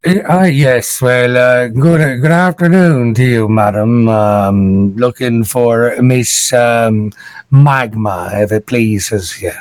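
A man's voice: mid-range voice, slow pace, a little mellow, no echo, natural voice. A man voicing a polite, hesitant male halfling mason who stammers and speaks deferentially.

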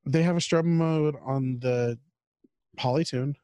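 Unhurried and medium in pitch, this man's voice has a dark, clean tone. He co-hosts a podcast from a home mic over a video call, casually rambling about food and guitar gear, with no echo but poor audio.

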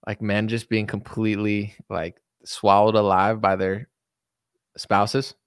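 A man's voice: fairly low pitch, flat delivery, slow pace, smooth, no echo, clean studio sound. A man giving a casual opinion monologue, rambling with constant fillers. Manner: rambling, heavy use of filler "like". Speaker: political commentator.

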